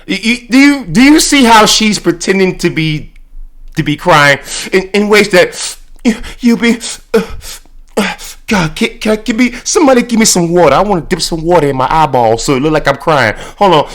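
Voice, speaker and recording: Animated man doing mocking commentary. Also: high voice, normal speed. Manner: animated, mocking, stammering repetitions. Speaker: host. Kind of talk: reaction commentary.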